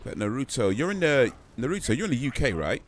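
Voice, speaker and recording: A man's voice: medium pitch, very animated, fast. A tired man streaming a game, chatting casually and answering viewer comments as he plays. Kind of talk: casual live-stream chat while gaming. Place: home gaming setup in the UK.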